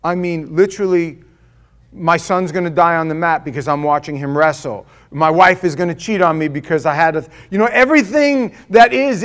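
A middle-aged male preacher with a fairly high voice tells a personal story to an audience. He is animated and self-deprecating, jumping from loud bursts to hushed confession as he acts out his own thoughts. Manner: animated, swinging between loud outbursts and quiet confession.

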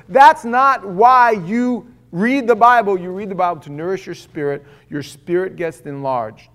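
A middle-aged man preaching a sermon as pastor, in a conversational storytelling way that swings from hushed lines to loud ones and acts out other people's voices. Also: sits high, normal speed, hardly any pauses.

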